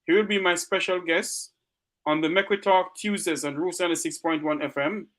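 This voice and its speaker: Jamaican talk show host, high bright voice, fired up and close to tears. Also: male voice, steady tone, moderate pace. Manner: impassioned, rhetorical questions. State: near tears. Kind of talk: emotional talk show monologue.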